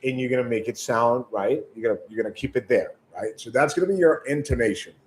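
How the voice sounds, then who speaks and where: Speaking quickly at medium pitch over poor audio, a sales trainer delivers an instructional talk on sales calls. His advice is direct and coaching in tone, with frequent stumbles over repeated words and check-ins of "right?".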